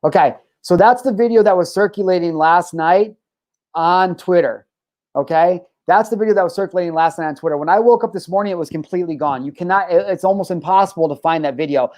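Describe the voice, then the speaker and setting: A man's voice: high voice, fast talker, a little mellow. A young man hosting a solo podcast, ranting heatedly and profanely, often stopping to restart his sentences. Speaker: podcast host.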